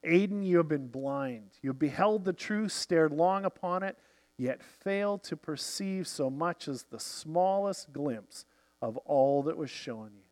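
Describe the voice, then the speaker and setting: Male first-person novel narrator, a touch high-pitched; measured, reflective read. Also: animated, a little mellow. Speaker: audiobook narrator.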